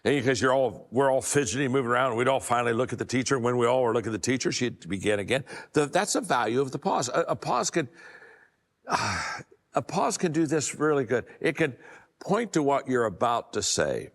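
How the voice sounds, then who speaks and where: A man's voice: medium pitch, expressive, brisk, long reverb tail. An older man giving a motivational leadership talk, telling folksy stories with frequent restarts and repeated words. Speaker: leadership speaker.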